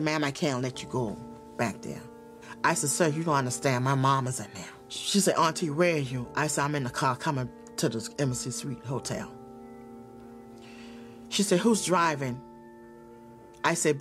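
A woman giving a personal testimony, retelling events with emotion and acting out the dialogue. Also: rumbling low. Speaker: interviewee in a testimony video.

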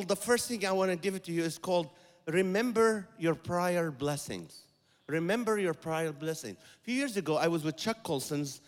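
High-pitched guy preaching in a big echoey church, gets loud and emphatic then goes soft. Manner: animated, rising to loud emphatic exhortation then dropping soft; tells stories, acts out quoted voices. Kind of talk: sermon. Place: church sanctuary. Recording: long hall reverb.

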